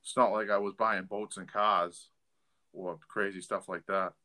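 A middle-aged man with a very low voice and a bright, forceful edge to it. He tells frank stories in a loose, blunt podcast style, stumbling and restarting as he goes. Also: flat delivery, unhurried. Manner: candid, blunt storytelling with fillers and restarts. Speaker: podcast co-host. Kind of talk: casual podcast storytelling.

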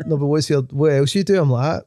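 Fast-talking man, mellow voice. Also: fairly high pitch, no echo, studio quality. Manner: fast rambling talk, swearing, full of fillers. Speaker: DJ guest. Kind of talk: casual chat.

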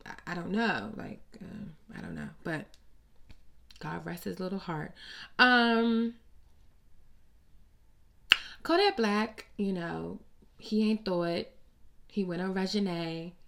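A woman hosting casual celebrity gossip commentary, blunt and profane, with an animated, sassy delivery. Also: lowish voice, vocal fry. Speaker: host.

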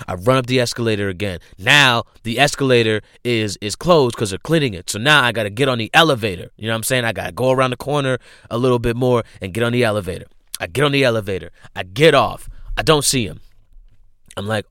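A young man hosting a podcast, telling a story in a casual, profane, animated way and repeating himself when worked up. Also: medium pitch, smooth, no room sound, studio quality.

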